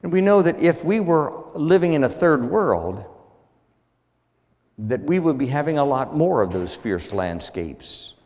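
A man preaching a sermon as pastor, measured and earnest, his phrases falling at the ends. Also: fairly high pitch, very animated, darkish tone, big-room sound.

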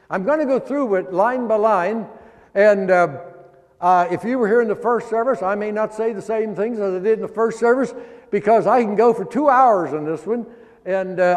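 A man preaching a sermon, explaining scripture line by line in a folksy, teaching way and slowing down to stress the verses. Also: high-pitched, darkish tone, big-room sound. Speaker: pastor.

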